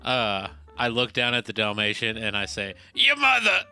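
A man's voice: lowish voice, little pitch movement, normal speed, pushed and bright, smooth, soft background music. A man playing a tabletop game, casually describing what his character does. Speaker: player.

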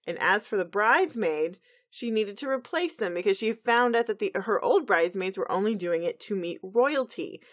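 A woman's voice: medium pitch, animated, normal speed, fairly bright tone, close to an everyday voice. A woman voicing an indignant young male pony who scolds his sister. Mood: scolding.

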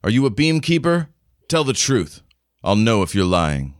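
A stern, suspicious woman commander, voiced by a man in a tabletop game, curt and sizing people up. The voice is lifted somewhat above a deep register, with only a faint stab at a Scottish lilt. The sound is dry and close. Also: sing-song, normal speed, no room sound. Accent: attempted Scottish, barely heard. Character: stern tall female soldier commander.

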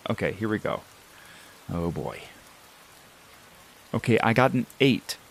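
A man's voice: on the low side, sing-song, a little slow, creaky. A man playing a tabletop role-playing game, hesitant and joking in casual chat. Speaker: player.

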